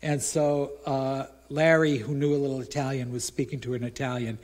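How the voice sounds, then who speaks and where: An American man, a featured author, tells a rambling live anecdote at a museum event, acting out the dialogue with bursts of shouting. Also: medium pitch, moderate pace. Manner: animated, acts out dialogue with rising shouts; rambling with many fillers.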